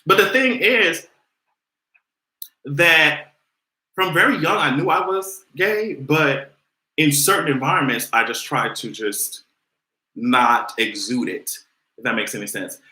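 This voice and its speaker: Young guy on a livestream, sassy and swearing a lot, super bright sharp voice, roomy echo. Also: fairly high pitch, slow, long pauses. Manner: animated, sassy, profane. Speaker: vlogger hosting a livestream. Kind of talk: casual livestream commentary.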